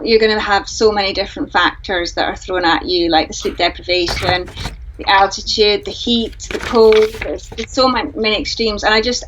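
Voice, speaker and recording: A woman's voice: medium pitch, a bit bright, dull audio. A woman from Scotland, a guest on a live-streamed video call, answering frankly and thoughtfully with many fillers. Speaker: ultra runner guest.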